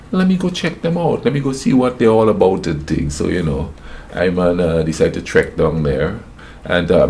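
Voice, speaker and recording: A man tells a personal story in a casual, animated way, acting out other people's voices and laughing often. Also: very deep voice, creaky, a little hiss or hum.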